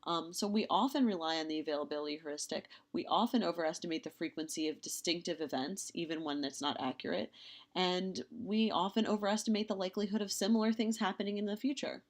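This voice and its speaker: Female lecturer, lowish voice, conversational and filler-heavy, narrating slides. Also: quick pace. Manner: casual, chatty with many ums and restarts; acts out lively quoted dialogue in examples.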